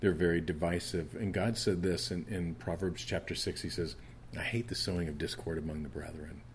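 A man's voice: sits low, steady tone, a little fast, slight background noise. A middle-aged man preaching a sermon in an earnest, conversational way, often restarting his sentences. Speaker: pastor.

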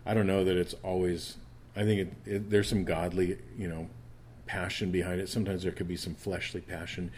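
A man's voice: deep voice, level tone, fairly quick, darkish tone, slight background noise. A middle-aged man preaching a sermon in an earnest, conversational way, often restarting his sentences. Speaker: pastor.

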